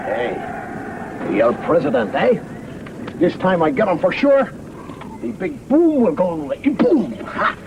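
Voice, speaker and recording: A man's voice: high voice, big pitch swings, takes it slowly, pauses often, muffled recording, voice pushed up, heavily acted. A man voicing a gleeful revolutionary bomber in a mock Mexican accent, cackling and drawn out. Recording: loud background noise.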